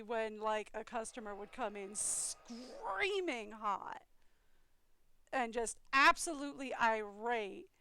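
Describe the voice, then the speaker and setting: A young American woman streaming a game from home, chatty and rambling with frequent giggles. Her voice is high, bright and crisp, close to the mic with a dry sound. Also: no room sound. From eastern United States. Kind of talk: casual live game stream chat.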